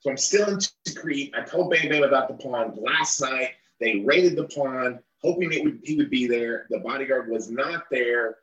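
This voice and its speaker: A man's voice: medium pitch, moderate pace, hardly any pauses, a bit bright, echoey room, lo-fi sound. Man telling a war story with quoted dialogue. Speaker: interview guest, former interrogator. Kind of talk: storytelling in an interview.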